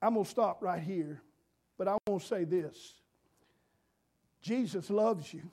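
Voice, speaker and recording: A man's voice: sits high, a little slow, a little mellow. A man preaching a folksy sermon, telling homespun stories in an earnest, repetitive way. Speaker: pastor.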